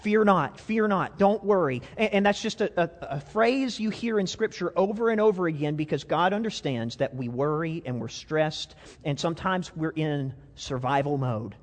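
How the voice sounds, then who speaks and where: A man's voice: a little high, moderate pace, few pauses. A man preaching a conversational sermon, self-deprecating and full of restarts, to a congregation. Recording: long reverb of a hall.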